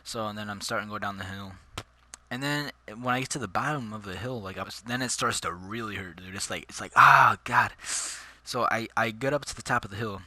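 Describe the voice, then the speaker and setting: A man's voice: lowish voice, quick pace, sharp tone, no room sound. A man telling a personal story in casual, slangy vlog chat, calling his listeners dude and bro. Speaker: vlogger.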